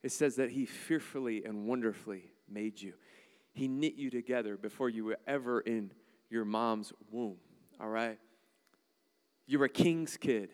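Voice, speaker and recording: A man preaching with lots of humor, breaking into mock voices to make his point. His voice is smooth and resonant at an ordinary pitch. The sermon carries a long reverb, as if filling a large church hall. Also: unhurried. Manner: animated, joking, acts out voices. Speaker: pastor.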